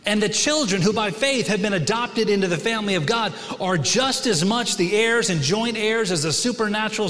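A middle-aged male pastor with a notably high voice, preaching in a relaxed, conversational way and tossing questions to the congregation. His words ring out with a long reverb, as in a large church hall. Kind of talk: sermon. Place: church sanctuary.

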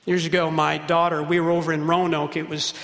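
A middle-aged male pastor preaching a passionate sermon, swinging from loud appeals to hushed, intimate moments. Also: fairly high pitch, little pitch movement, fairly quick. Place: church sanctuary. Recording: roomy church hall reverb.

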